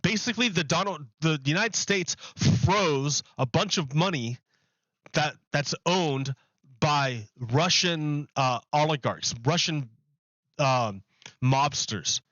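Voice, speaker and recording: A man streaming a video game, chatting casually in a rambling, animated way and restarting his sentences often. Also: fairly high pitch, slow pace, no room sound, highs cut off. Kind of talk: casual chat while gaming.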